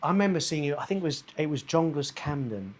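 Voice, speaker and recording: A man's voice: fairly high pitch, expressive, fast. A man hosting a casual interview with a fellow comedian, asking loose, chatty questions with lots of restarts. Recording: loud guitar music behind the voice.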